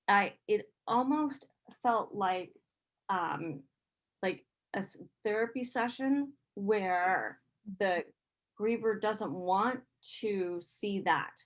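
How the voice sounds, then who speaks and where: A woman who works as a grief therapist, speaking frankly and plainly in a casual podcast discussion. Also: mid-range voice. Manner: frank, talks openly and plainly.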